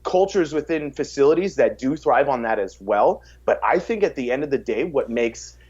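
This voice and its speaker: Here a fitness coach guesting on a podcast chats casually and energetically about coaching. His mid-range voice is animated, a little mellow and slightly rough, moving at a moderate pace. He tends to repeat words when beginning sentences and acts out quotes loudly, all in slightly dull podcast audio.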